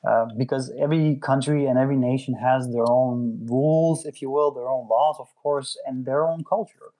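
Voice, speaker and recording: A man's voice: mid-range voice, steady tone, normal speed, dark tone, poor audio. A man from Denmark with a Danish accent, chatting casually and telling a rambling story, laughing often and swearing now and then. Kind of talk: casual chat.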